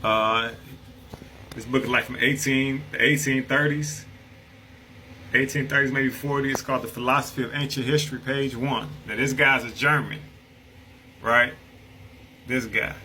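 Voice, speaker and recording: A man's voice: mid-range voice, steady tone, moderate pace, long pauses, sharp tone, slight background noise, poor audio. A man reading passages from an old book and explaining them in a casual, conversational way, often checking in with "right?". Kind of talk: casual explanatory talk with read-aloud quotes.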